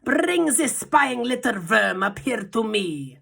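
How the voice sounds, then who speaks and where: A woman's voice: fairly high pitch, sing-song, slow, vocal fry, a bit bright, breathy edge, pitched above the performer's own voice, exaggerated voice. A woman voicing a cruel old female witch leader who screeches commands. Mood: shrieking, commanding.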